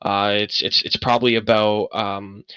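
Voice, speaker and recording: A man running a tabletop game as game master, in a lowish, bright, forward voice. He narrates in stops and starts, full of ums and uhs, close to the mic in a dry room. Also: little pitch movement, clear, resonant tone, dry recording, highs cut off. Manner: many fillers, halting, stop-start narration.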